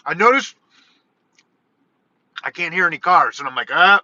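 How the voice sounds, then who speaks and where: A man's voice: on the high side, expressive, moderate pace, pushed and bright. A man vlogging, telling a long rambling story in a casual way, quoting himself and swearing now and then. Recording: dull lo-fi sound.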